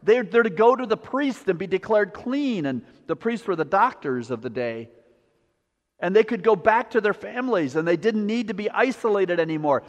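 Male pastor, sermon, slightly high voice, repetitive preaching cadence, long hall reverb. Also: expressive, normal speed.

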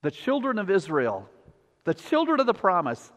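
Higher-voiced male preacher in a reverberant hall. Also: huge pitch swings, normal speed. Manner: repetitive preaching cadence, drops to quiet. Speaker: pastor. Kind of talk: sermon.

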